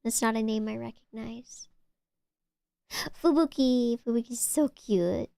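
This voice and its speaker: A woman's voice: a little high, a little slow, gravelly, mellow, clear, resonant tone, dry recording, studio quality. A woman streamer chatting casually with her viewers, gushing and often stumbling over her words. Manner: chatty, stammering restarts, gushing. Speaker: VTuber streamer. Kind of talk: casual chat with live chat.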